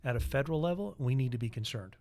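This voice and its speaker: A man's voice: mid-range voice, expressive, fast, darkish tone. Earnest man co-hosting a podcast. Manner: earnest, opinionated. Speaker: podcast co-host. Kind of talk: casual political chat.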